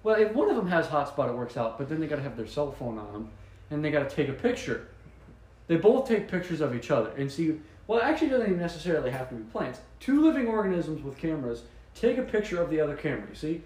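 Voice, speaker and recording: A man co-hosting a podcast, rambling through absurd mock explanations in a deadpan way and laughing at his own jokes. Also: a little high, quick pace, roomy sound, poor audio. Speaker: podcast co-host. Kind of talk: joking casual chat.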